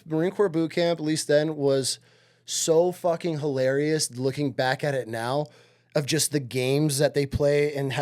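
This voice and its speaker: A man's voice: mid-range voice, darkish tone. A man in his forties from upstate New York, a podcast guest telling stories in casual chat. He swears freely and acts out the people in his stories. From upstate New York, USA. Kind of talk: casual storytelling.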